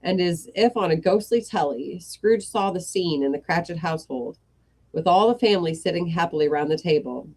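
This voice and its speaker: A woman reading a comic story aloud in a measured storybook style. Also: fairly low pitch, expressive.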